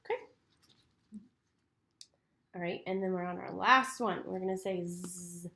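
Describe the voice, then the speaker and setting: A woman's fairly low, bright voice carries vocal fry and a forceful tone as she plays a clinician, speaking a little slowly. She patiently and encouragingly leads someone through a speech exam step by step, with slight background noise.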